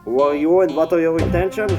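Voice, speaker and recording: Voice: mid-range voice, fast talker, natural voice. A performer voicing a defiant planetary general who sounds urgent and alarmed. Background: game music.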